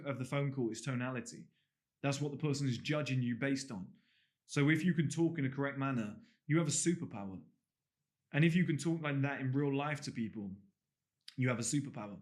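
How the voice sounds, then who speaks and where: A man at a mid-range pitch talks straight to his viewers. He teaches an online course in a loose, chatty way, calling them guys. He slows to deliberate statements, then speeds up again. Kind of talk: casual spoken lesson to camera. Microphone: talking to camera.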